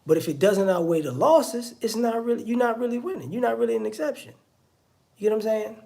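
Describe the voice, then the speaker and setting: Gravelly, high-voiced man musing aloud. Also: fast talker, warm tone. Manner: conversational, repeats "you know what I'm saying". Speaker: online commentator. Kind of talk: casual monologue.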